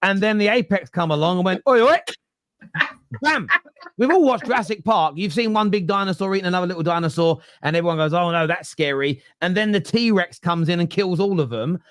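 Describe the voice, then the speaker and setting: A man's voice: high-pitched, fast, few pauses, dry recording, clean studio sound. A man hosting a casual football fan debate, rambling through long animal analogies with frequent restarts.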